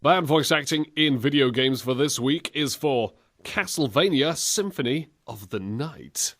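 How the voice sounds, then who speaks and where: A man's voice: mid-range voice, unhurried, background noise. A man co-hosting a comedy show about video games, chatting casually and joking about bad voice acting. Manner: animated, jokey, does silly voices. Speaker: co-host reviewing game clips.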